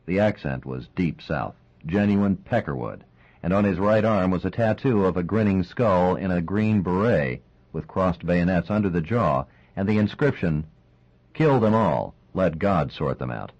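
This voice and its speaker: A man with a very low voice narrates a crime novel in a measured, steady way. The recording sounds dull and a bit lo-fi. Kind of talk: audiobook narration.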